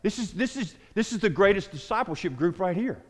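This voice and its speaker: A man's voice: high-pitched, expressive, fairly quick. A middle-aged man from the American South giving a conversational sermon to a small group, repeating words and calling on listeners by name. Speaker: pastor. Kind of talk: sermon-style teaching. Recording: long hall reverb.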